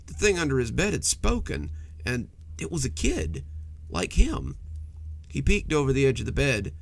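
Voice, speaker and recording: A man narrating scripted horror stories in an expressive, dramatic manner. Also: mid-range voice, moderate pace, creaky, a little hiss or hum.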